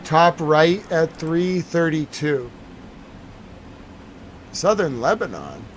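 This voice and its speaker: A man's voice: on the high side, lively intonation, slow pace, a little hiss or hum, low-quality recording. A tired man hosting a live stream, chatting casually and rambling to his viewers.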